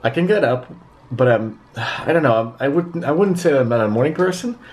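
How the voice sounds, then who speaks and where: A man's voice: mid-range voice, lively intonation, brisk, darkish tone. A man who speaks Dutch as his first language, chatting casually to camera in a rambling vlog with many fillers, recorded on a handheld camera mic. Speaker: vlogger. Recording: light background noise.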